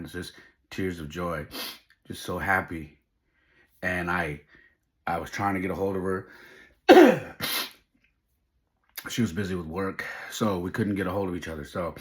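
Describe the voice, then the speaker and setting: A middle-aged man hosting a podcast, telling a personal story in an emotional, heartfelt way. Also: low voice. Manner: emotional, heartfelt, faith-driven. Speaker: podcast host.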